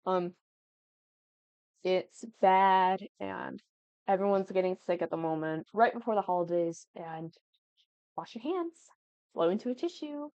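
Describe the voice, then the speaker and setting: A woman's voice: mid-range voice, lively intonation, takes it slowly, pauses often, a little mellow, dry recording. Giggly rambling 19-year-old woman. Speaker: gaming YouTuber. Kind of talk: casual chat over gameplay. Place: at home. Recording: dull lo-fi dry sound.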